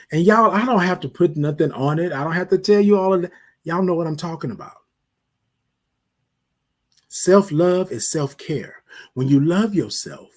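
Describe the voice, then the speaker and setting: A man hosting a morning show, giving a preacherly talk on self-care, repeating phrases and dropping his voice low on refrains, calling listeners "y'all". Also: a little mellow, husky. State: emotional. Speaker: host.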